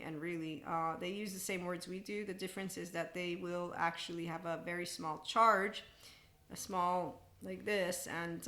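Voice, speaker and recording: Bright-voiced animated woman podcaster. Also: on the low side. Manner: animated and laughing, mock voices for others. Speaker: podcast host. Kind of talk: casual spiritual monologue.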